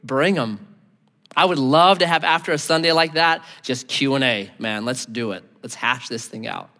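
A male pastor preaching a sermon in a lively manner, acting out the people he quotes. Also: medium pitch, moderate pace, in a large hall. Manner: animated, acts out voices in quotes.

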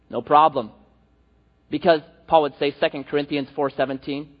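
Brief: husky, high-voiced male preacher, animated storytelling sermon; reverberant hall, lo-fi. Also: fairly quick. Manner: animated storytelling with acted-out quotes. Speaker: pastor. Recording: echoey hall, dull lo-fi.

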